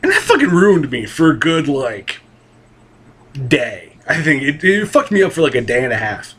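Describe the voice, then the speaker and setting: A man's voice: a little high, wildly swooping pitch, normal speed, fairly bright tone, husky. A young man talking casually and rambling about anime, swearing freely and restarting his sentences with lots of fillers. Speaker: anime vlogger.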